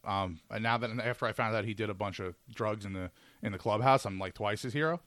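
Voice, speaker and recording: A man with a fairly low voice co-hosts a relaxed beer podcast. He talks in a chatty, joking way and often stops to correct himself. The recording is dry and close. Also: fast talker, no echo. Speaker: podcast co-host reviewing beer. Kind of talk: casual chat.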